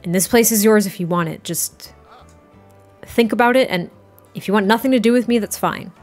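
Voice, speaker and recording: A woman voicing a halting, tender young man. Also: medium pitch, a little mellow, soft background music, natural voice. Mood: gentle. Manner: pleading, halting restarts. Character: earnest, tender young man giving a gift.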